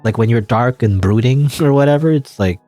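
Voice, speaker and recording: A man's voice: medium pitch, fairly quick, warm tone, no echo, soft background music. A man casually commenting on a video game as he plays, rambling and hedging with chuckling asides. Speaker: let's play gamer.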